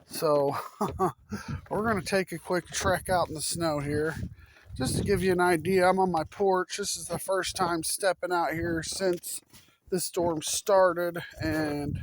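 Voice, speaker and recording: A man vlogging outdoors in deep snow on a phone camera, cold and out of breath, talking to his viewers as folks in a folksy way. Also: background noise. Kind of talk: casual outdoor vlog.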